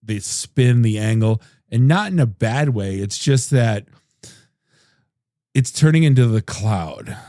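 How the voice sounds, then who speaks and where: A man's voice: mid-range voice, expressive, takes it slowly, warm tone, dry recording, clean studio sound. A man hosting a podcast in casual chat, telling rambling, jokey stories full of restarts. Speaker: podcast host.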